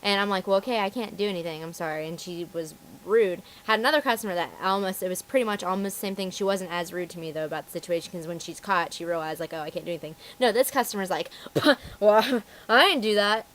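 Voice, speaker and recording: A woman's voice: fairly low pitch, fast, hardly any pauses, slight background noise. Young woman ranting about retail customers. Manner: animated storytelling, acting out customers' voices. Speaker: retail phone store worker. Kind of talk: casual vlog rant.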